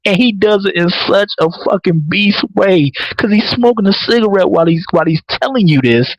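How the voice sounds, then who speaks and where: A man hosting a live podcast, recapping a TV episode in casual, profane, excitable talk and laughing often. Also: high-pitched, fairly quick, no room sound, muffled recording. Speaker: podcast host.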